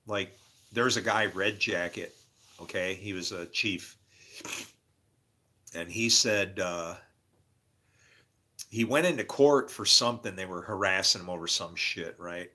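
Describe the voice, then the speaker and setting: Grumpy rambling man, bright voice. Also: lowish voice. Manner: grumpy, preachy, laughs at himself. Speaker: vlogger. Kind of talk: rambling monologue.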